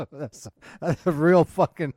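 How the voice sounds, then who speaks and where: High-voiced, swearing podcast joker. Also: male voice, a little mellow, no echo, studio quality. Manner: profane, joking riffs. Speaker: podcast co-host. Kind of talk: casual comedy podcast chat.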